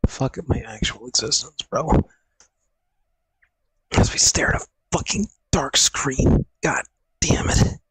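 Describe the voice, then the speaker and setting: Slow and often pausing, this young man's husky, fairly bright mid-range voice comes through a rough recording. He's indoors at home on a desk mic, breathless and hurting, groaning, cursing and muttering to himself while chatting casually to viewers.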